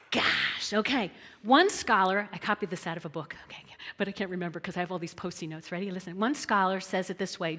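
A woman preaching a sermon in an animated, conversational way, often checking in with her listeners. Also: fairly low pitch, quick pace, long reverb tail.

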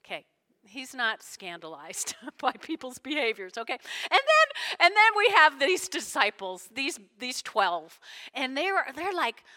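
Bright, high-voiced woman preaching with flair. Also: measured pace. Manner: animated, playful, acts out quotes with big shifts. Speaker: pastor. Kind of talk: sermon. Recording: long hall reverb.

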